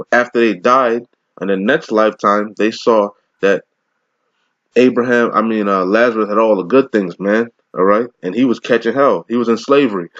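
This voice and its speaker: A man giving an informal scripture lesson, mixing slow, deliberate verse readings with casual, profane slang asides and frequent laughs. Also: lowish voice, no echo, muffled recording. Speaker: scripture teacher.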